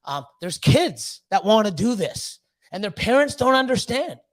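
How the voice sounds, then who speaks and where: A middle-aged man hosting a livestream, talking in an excitable, profane rush and jumping into high squealing bits. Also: moderate pace. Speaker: livestream host. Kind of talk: casual livestream chat.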